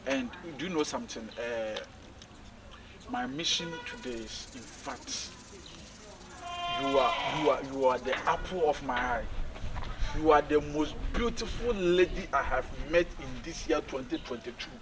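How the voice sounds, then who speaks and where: A man with a Ghanaian accent, a comedian acting in a sketch, flirting in an exaggerated, animated way. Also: mid-range voice, a little slow. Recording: noisy outdoor recording.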